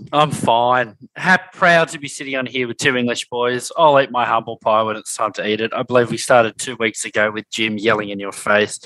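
A man talking through a rugby match in a bright, forceful voice. He rambles and repeats himself, and the recording is close and dry. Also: mid-range voice, normal speed, no echo, low-quality recording. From Australia. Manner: rambling and self-mocking, stumbles and repeats words. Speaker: podcast co-host. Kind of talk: casual rugby analysis.

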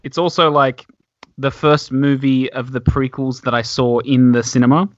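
A man co-hosting a casual podcast chat, relaxed and hesitant with many ums. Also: medium pitch, normal speed, no room sound. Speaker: podcast co-host. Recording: dull lo-fi, dry room.

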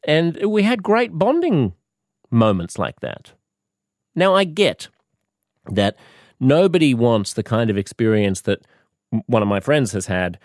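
A man's voice: mid-range voice, sing-song, measured pace, long pauses, dry recording, clean studio sound. A man with an Australian accent telling a rambling, sarcastic comedic monologue, jumping up into mock-innocent questions.

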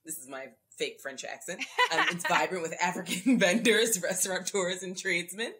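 A woman podcast host asking quiz questions and explaining answers in a lively way. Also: lowish voice, normal speed, noisy background. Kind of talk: interview and quiz hosting.

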